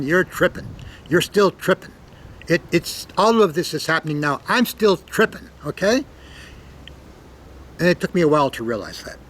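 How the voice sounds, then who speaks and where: A man's voice: high-pitched, a bit bright, slight background noise, low-quality recording. An older man from Canada telling stories in a loose, rambling monologue, cursing freely and punching words with sudden emphasis. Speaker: storyteller. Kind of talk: casual spoken monologue.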